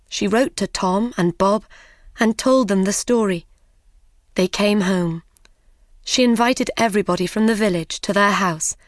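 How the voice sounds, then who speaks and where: A woman reads a fairy tale for English learners at a very slow, careful pace. Her phrasing is clear and measured, and the recording is dry and close with no room sound. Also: mid-range voice, no echo. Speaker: narrator. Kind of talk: graded storybook reading for English learners.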